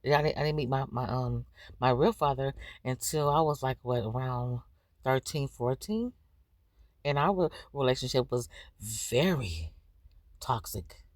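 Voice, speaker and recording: A young adult woman hosting a reaction video, giving blunt, profane, animated commentary in casual chat. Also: extremely low pitch, no echo, studio quality.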